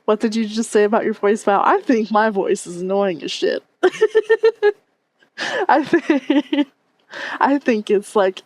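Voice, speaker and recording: A woman's voice: medium pitch, a little slow, pauses often, dry recording. A woman streamer chatting casually with her viewers on a headset mic, reading and answering chat and laughing often.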